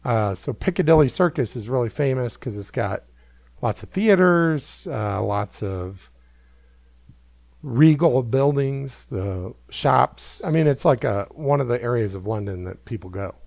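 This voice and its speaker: Rambling, gravelly male host, animated storyteller, dry close mic. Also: mid-range voice, unhurried, dry recording. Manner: rambling, self-amused, many fillers. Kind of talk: casual storytelling.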